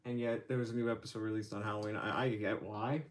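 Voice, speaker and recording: A man's voice: on the low side, fairly even intonation, fast. A man hosting his own livestream, chatting casually with lots of fillers and restarts. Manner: rambling, hesitant, many fillers. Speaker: channel host.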